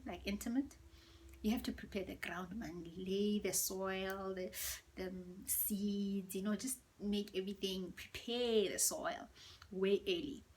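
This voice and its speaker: A woman tells a storytime vlog at home, in a hushed, half-whispered, gossipy way. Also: medium pitch. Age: 30s. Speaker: vlogger. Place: indoors at home.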